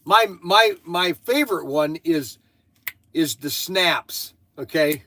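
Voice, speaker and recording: A man's voice: on the high side, expressive, slow pace, bright, forceful tone, slight background noise. An older man hosting a casual chat, rambling and going off on tangents, sounding tired. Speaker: host.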